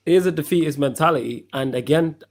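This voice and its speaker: A man's voice: on the high side, quick pace. A man on a football panel, polite but firing off pointed questions. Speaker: football pundit. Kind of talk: casual debate chat.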